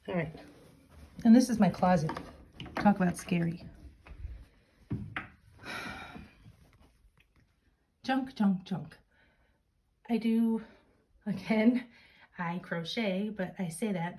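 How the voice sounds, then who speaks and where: A woman's voice: mid-range voice, dark tone. A middle-aged woman giving a casual, self-deprecating tour of her home office, slightly out of breath, filmed on a handheld camera. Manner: chatty, self-deprecating asides. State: a little out of breath. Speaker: craft and journaling vlogger.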